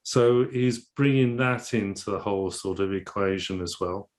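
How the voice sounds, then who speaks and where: A man's voice: on the low side, normal speed, darkish tone. Man musing over a tarot card. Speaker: tarot teacher. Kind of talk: casual explanatory discussion.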